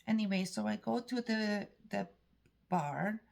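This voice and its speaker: A Canadian woman vlogging about her day, speaking haltingly with many pauses and fillers. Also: medium pitch, creaky, darkish tone. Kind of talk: personal vlog talk.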